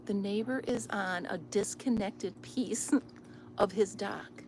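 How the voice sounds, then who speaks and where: A vlogger chats casually into her phone beside a river, sounding amused and often sinking to a near whisper. She speaks slowly in a mid-range voice. The outdoor recording carries loud noise from the flowing river.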